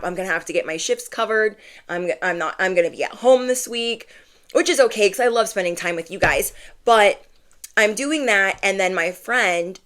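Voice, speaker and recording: A woman's voice: mid-range voice, a bit bright. A woman in her thirties telling a personal story to her viewers in a chatty way, full of "like" fillers, acting out what people said. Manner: chatty, lots of "like" fillers, acts out quotes. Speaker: vlogger.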